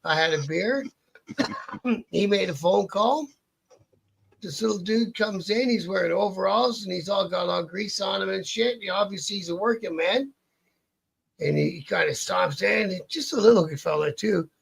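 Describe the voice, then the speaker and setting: A man's voice: high voice, moderate pace, vocal fry, fairly bright tone, husky. A man from Canada, a biker guest telling a rambling, profane story with many restarts. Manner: rambling, profane, self-interrupting. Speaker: interview guest, outlaw biker. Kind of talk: casual storytelling.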